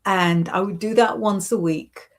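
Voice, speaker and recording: A woman's voice: mid-range voice, fairly even intonation, unhurried. A woman hosting a casual live stream, chatting and encouraging as she reads viewer comments and gives intuitive readings, with lots of "sort of" and "you know".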